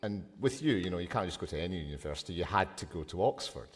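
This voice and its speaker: A man hosting a live stage interview, asking playful, animated questions. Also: low voice, quick pace. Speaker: host. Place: festival hall stage. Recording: long hall reverb, festival stage.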